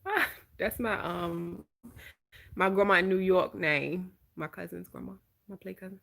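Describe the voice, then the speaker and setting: Woman, Southern accent from Georgia, slightly low pitch, expressive and animated, casual live-stream chatter. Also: unhurried, vocal fry. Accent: Southern American (Georgia). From Georgia, USA. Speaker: vlogger, host.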